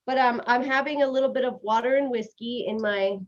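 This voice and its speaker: A woman hosting a casual live stream, talking fast and chatty and giggling at herself. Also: a little high. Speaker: host. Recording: dull lo-fi stream audio.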